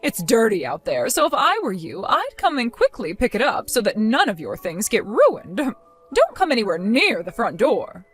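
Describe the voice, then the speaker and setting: A woman voicing a spiteful older mother-in-law who insults and orders her daughter-in-law around, in an animated story drama. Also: fairly high pitch, normal speed, slightly rough, soft background music, full character voice. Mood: scornful. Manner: insulting, accusing, domineering.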